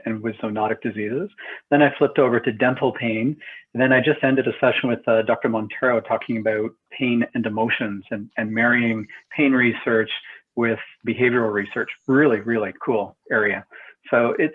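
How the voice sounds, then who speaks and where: A man's voice: medium pitch, slightly rough. A man, chatting upbeat and casually as a panel guest over a video call. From eastern Canada. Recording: tinny phone-like video call line.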